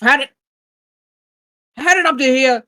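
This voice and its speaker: A woman's voice: high-pitched, moderate pace, pushed and bright, voice pushed up. A woman voicing an irritable male villain who commands zombies, grumbling and exasperated.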